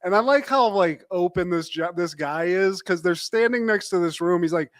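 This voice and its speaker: A man on a podcast, talking in a joking, animated way with a slightly higher voice. He fires off quick asides to his co-host. The sound is dry and close, with no room echo. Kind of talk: casual recap chat.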